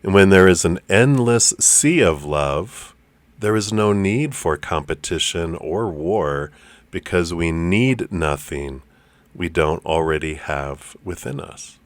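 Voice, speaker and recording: A man leading a guided meditation, speaking in a calm, gentle, unhurried way with loose fillers. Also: sits low, no echo. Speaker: spiritual teacher.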